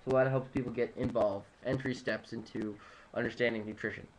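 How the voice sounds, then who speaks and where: A man's voice: mid-range voice, fairly even intonation, a little fast, low-quality recording. A man giving an informal talk on food trends, rambling through figures with many fillers, restarts and joking asides. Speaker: nutrition presenter. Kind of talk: casual informal lecture. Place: home room at sunrise.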